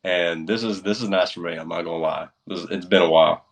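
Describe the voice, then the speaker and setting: A deep-voiced man chatting as a guest on a livestream. He talks in a relaxed, halting way, using plenty of fillers while he explains how he works. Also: rough recording. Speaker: guest voice actor. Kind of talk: casual livestream chat.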